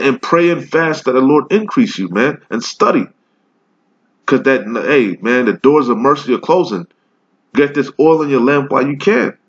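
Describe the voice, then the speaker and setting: A man's voice: mid-range voice, fairly bright tone. Man riffing loosely on scripture, lo-fi. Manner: reads scripture slowly, then riffs in loose street slang. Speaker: preacher. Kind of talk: casual scripture teaching.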